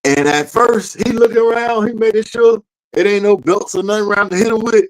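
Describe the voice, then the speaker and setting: A man who tells a family story in casual chat. He talks loose and full of slang and swearing, and his voice sits a little high for a man. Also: a little fast, low-quality recording. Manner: animated storyteller with slang and profanity. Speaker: podcast co-host.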